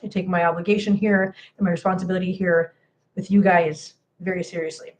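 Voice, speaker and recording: A woman's voice: on the low side, flat delivery, a little fast, darkish tone. A woman hosting a cat channel livestream, tearful and talking to viewers in an emphatic, impassioned way that repeats phrases.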